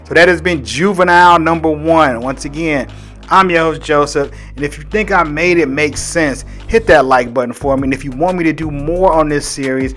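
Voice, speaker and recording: A man's voice: fairly high pitch, fairly bright tone. A man hosting a casual comic book recap in a loose, chatty way, leaning on "like" throughout. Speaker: host.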